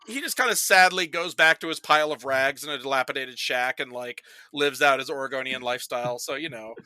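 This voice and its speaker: A man retelling film plots in casual podcast chat, animated and swearing freely. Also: medium pitch, brisk, smooth. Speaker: podcast guest reviewing films.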